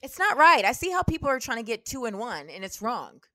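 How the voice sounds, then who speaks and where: A woman's voice: fairly high pitch, very animated, a little fast, pushed and bright, no room sound. A woman guesting on a comedy podcast, chatting casually in a playful, teasing way.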